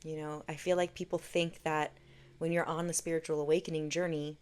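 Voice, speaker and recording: A woman's voice: low voice, little pitch movement, fairly quick, clear, resonant tone. A woman hosting a spiritual podcast, talking in an earnest, candid way with some casual swearing. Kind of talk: reflective spiritual monologue.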